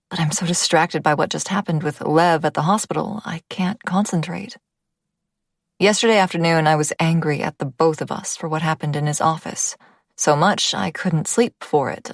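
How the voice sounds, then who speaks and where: A woman's voice: low voice, vocal fry, no room sound, studio quality. A woman reading a first-person audiobook, intimate in tone and dropping to a whisper at tense moments. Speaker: audiobook narrator.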